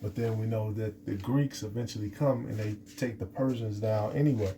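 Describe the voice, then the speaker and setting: A man's voice: fairly low pitch, fairly even intonation, normal speed, warm tone, slight background noise. A man giving an unscripted scripture lesson, rambling with many restarts and fillers. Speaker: scripture teacher.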